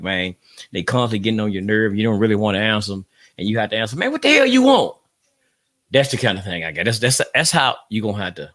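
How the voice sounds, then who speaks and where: A man hosts a casual livestream podcast in a somewhat low voice. He rambles loosely and talks straight to his listeners. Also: fairly bright tone, dry recording, studio quality. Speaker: podcast host.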